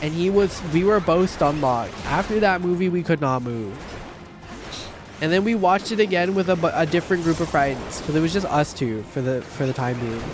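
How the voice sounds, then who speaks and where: A man's voice: on the high side, music in the background. Profane, rambling male game streamer. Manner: profane, rambling, quick bursts of shouting. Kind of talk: casual livestream chat while gaming.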